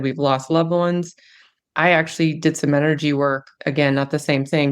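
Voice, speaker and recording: A woman's voice: low voice, clear, resonant tone. A woman hosting a podcast, responding openly and reflecting on her own experience in a casual conversation. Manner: warmly responsive, emotional reflections. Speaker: podcast host.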